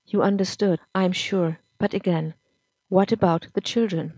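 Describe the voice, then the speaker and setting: A woman reading as a hurt, quiet young wife. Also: mid-range voice, fairly even intonation, moderate pace, no room sound, lightly acted. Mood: shocked, pleading. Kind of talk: audiobook-style story reading.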